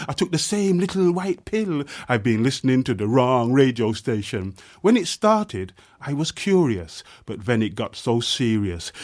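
A man performing spoken-word poetry, chanting repeated refrains and swinging between hushed low lines and loud outbursts.

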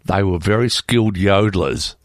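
A man's voice: low voice, moderate pace. A male radio host chatting casually in the studio, often rambling and tripping over his words.

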